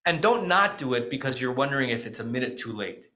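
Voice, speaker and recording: A man's voice: medium pitch, lively intonation, quick pace, sharp tone, low-quality recording. A middle-aged man, an American rabbi, giving a conversational Shabbat teaching with frequent "right?" asides and self-corrections.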